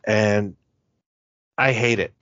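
A man with a somewhat low voice chats about cult films. He tells rambling stories with plenty of enthusiasm. The recording is dull and lo-fi, with a very dry, close sound. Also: steady tone, very slow, a bit bright, dry recording.

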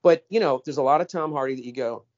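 A man's voice: a little high, quick pace, a little mellow, highs cut off. A man co-hosting a casual film chat, ranting with many stammered restarts. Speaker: podcast co-host.

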